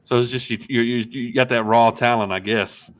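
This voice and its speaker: Dude hosting a fan show, friendly and upbeat, lots of ums. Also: male voice, mid-range voice, fairly even intonation, a little fast, background noise. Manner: friendly, upbeat, filler-heavy. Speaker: podcast co-host. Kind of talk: casual interview chat.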